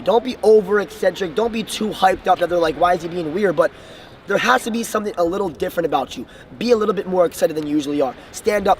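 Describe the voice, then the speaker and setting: Young male motivational coach, earnest, faint traffic behind, distant outdoor recording. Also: high voice. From Bahamas. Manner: earnest, enthusiastic, addresses viewers as guys. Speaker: sales trainer. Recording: distant mic, faint street noise.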